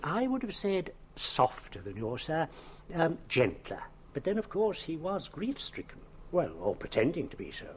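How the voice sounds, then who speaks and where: Fussy, deferential undertaker, hesitant delivery, animated pitch; 1970s TV drama. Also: male voice, moderate pace. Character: fussy polite male undertaker. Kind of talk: 1970s television police drama.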